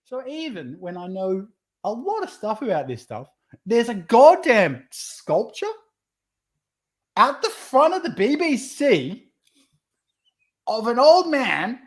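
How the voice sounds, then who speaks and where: A man's voice: very high-pitched, sing-song, slow pace, long pauses. A man co-hosting a casual podcast chat over a beer, heated and ranting, swearing often. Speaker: podcast co-host.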